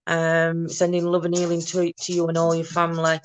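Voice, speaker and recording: A woman chats her way through a casual morning livestream at home, greeting viewers one by one. Her laugh is big and loud. The sound is close and dry, with no room echo. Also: lowish voice, completely flat delivery, a little fast. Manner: chatty, greets viewers by name, laughs loudly. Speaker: livestream host.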